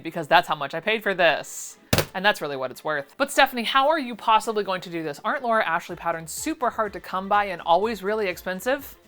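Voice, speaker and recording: A woman hosting a casual vlog, reviewing sewing patterns in a sarcastic, exasperated, animated way. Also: on the high side.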